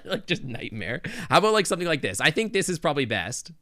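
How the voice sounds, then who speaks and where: A man's voice: fairly high pitch, sing-song, fast, bright, forceful tone, dry recording. A male game streamer chatting casually with his viewers on a close desk microphone, thinking aloud with lots of restarts and asides.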